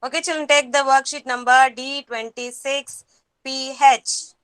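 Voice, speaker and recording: A woman teaching a kindergarten class over a video call, patient and slow, repeating each word for the children. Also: sits high, level tone, fairly bright tone, clean tone, no echo.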